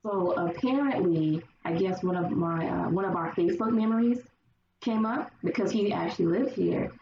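A woman guest in casual conversation, telling her stories lively and acting out the people she quotes. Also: on the low side, normal speed. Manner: animated storyteller acting out quoted voices. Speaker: podcast guest. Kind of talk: casual chat. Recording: roomy, distant, dull sound with faint hiss.

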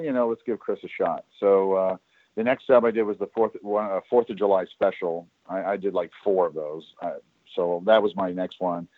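A man with a lowish voice recounts stories from his career in a casual chat, animatedly acting out other people's lines. The sound is dry and tinny, like a phone line, with no room sound.

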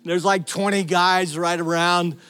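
A man's voice: high-pitched, measured pace, clean tone. A middle-aged male pastor preaching a sermon, telling stories with energy and calling out to the congregation. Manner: energetic storytelling, calls out to the congregation.

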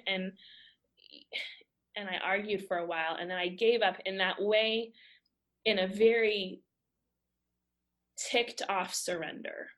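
A woman in her thirties from the United States, telling a personal faith story in a lively, emphatic way with frequent laughter. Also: medium pitch, slow pace, long pauses, lo-fi sound. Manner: animated, laughing often, emphatic. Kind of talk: casual storytelling.

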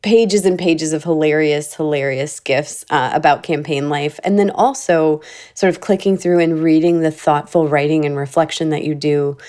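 Woman, podcast host, slightly low pitch, conversational, casual fillers. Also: moderate pace, darkish tone. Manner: chatty, with fillers and laughs. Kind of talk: conversational interview.

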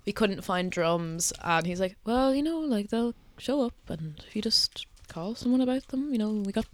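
A woman's voice: medium pitch, animated, normal speed, dry recording. Giggly woman co-hosting a podcast. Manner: giggly anecdotes. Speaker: podcast co-host. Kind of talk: casual chat.

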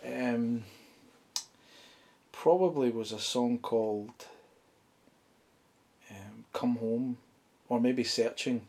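Scottish male musician guest, home studio, mid pitch, meandering delivery full of fillers. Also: fairly even intonation, very slow, creaky, long pauses, mellow. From Scotland. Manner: thoughtful, rambling with many fillers. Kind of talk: casual interview chat.

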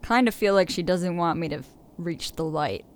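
A woman's voice: lowish voice, moderate pace. A woman player in a tabletop game, chatting playfully and often laughing. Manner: giggly, playful. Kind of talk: casual chat in a tabletop game.

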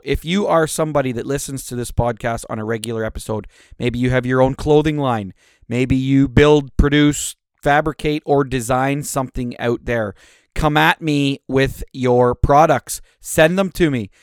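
A man hosting his own podcast, ranting angrily with constant swearing and big swings in loudness. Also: mid-range voice, smooth, no room sound, clean studio sound. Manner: profane, angry ranting with swings in volume. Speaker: podcast host.

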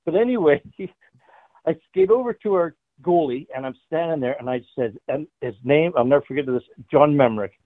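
A man's voice: fairly high pitch, normal speed, no room sound. An older man telling a profane hockey story, laughing often. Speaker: guest, former hockey player. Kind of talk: casual storytelling. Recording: dry tinny phone-like line.

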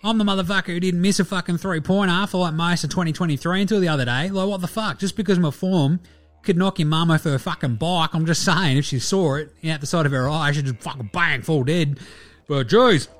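A man voicing a brash, boastful, foul-mouthed male Australian basketballer in a comedic character bit, loud and crude. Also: on the high side, fairly quick, faint music behind, close to an everyday voice.

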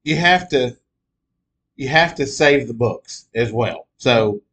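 Chill podcast guy, mid pitch, just talking things through. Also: lively intonation, takes it slowly, a bit bright. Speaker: podcast co-host. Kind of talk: casual chat.

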